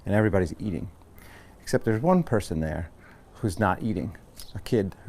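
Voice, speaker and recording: An American yoga teacher from Long Island, a man with a fairly low voice. He talks earnestly and casually, rambling and restarting his sentences as he guides the class. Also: lively intonation, a little fast, darkish tone, a little hiss or hum. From Long Island, New York.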